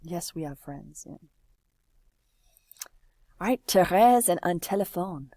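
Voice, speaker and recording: A woman teaching French at a deliberately unhurried pace. Her voice sits a little low, and she coaxes the class along with patient, encouraging prompts. The sound is dry and close, with no room echo. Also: expressive, dark tone. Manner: patient, encouraging, slow and drawn-out. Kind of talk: classroom lesson, typing while explaining.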